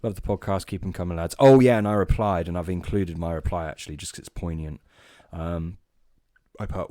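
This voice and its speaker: Laid-back male podcast co-host, deep voice, dry close sound, rambling delivery. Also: brisk, dark tone, dry recording. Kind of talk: casual podcast chat.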